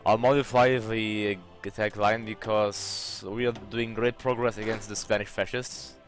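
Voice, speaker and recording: A young man talks his way through a strategy game at his desk microphone, voice sitting on the low side. He reasons aloud over every move and swears in disbelief when the game glitches. Quiet music plays faintly under him. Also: level tone, measured pace. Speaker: let's play host.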